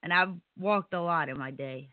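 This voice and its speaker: A woman's voice: fairly low pitch, moderate pace, no room sound. A woman co-hosting a casual talk show, talking about her daughter with wry, sarcastic banter. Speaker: co-host. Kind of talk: casual podcast chat. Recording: tinny phone-like sound.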